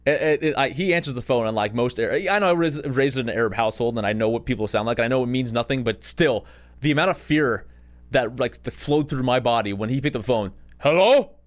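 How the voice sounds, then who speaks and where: A man's voice: mid-range voice, fast. A man in his thirties hosting a podcast, telling a long personal story in a rambling, profane, self-mocking way. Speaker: podcast host. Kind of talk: casual storytelling.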